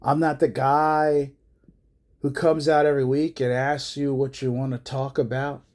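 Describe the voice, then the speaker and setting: A man voicing a smug male wrestling executive, speaking low, quiet and mocking. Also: level tone, measured pace, close to an everyday voice.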